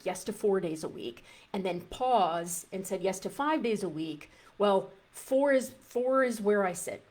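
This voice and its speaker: A woman's voice: medium pitch, darkish tone, husky. A woman dietitian coaching a live group in a conversational way, often restarting phrases and acting out an inner voice.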